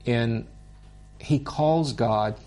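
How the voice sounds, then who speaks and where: A man teaches a Bible course in an earnest, deliberate way and is openly moved by his material. His voice is medium-pitched and a little mellow.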